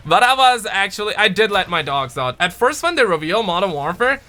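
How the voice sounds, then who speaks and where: A young man hosting a casual gaming livestream, his voice bright and crisply clear, a touch higher than most men. He talks in loose, slangy, animated bursts and reads chat messages aloud between thoughts. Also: fairly quick, few pauses. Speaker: streamer.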